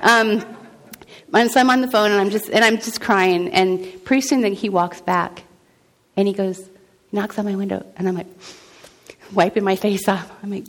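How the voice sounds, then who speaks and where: A woman's voice: mid-range voice, fairly even intonation, normal speed, long pauses. A middle-aged woman sharing a personal faith testimony in an earnest, conversational way, full of restarts and acted-out dialogue. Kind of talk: faith testimony, casual storytelling.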